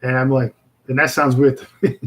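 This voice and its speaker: Talking a little fast in a level, medium-pitched voice, a Brooklyn-accented New Yorker rambles through a casual live chat with his stream viewers. His speech is full of fillers and restarts, captured on a low-quality recording.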